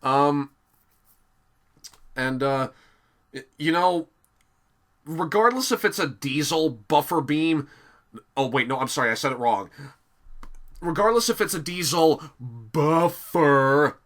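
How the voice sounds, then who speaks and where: A man giving a casual, animated video review, often laughing and filling pauses with "um". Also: mid-range voice. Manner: animated, giggly, many fillers.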